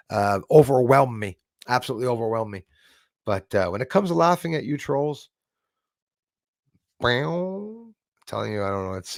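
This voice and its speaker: Gravelly man hosting a live stream. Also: medium pitch, no echo, clean studio sound. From Canada. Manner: jokey, rambling, with many fillers and restarts. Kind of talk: casual live-stream chat reading viewer comments.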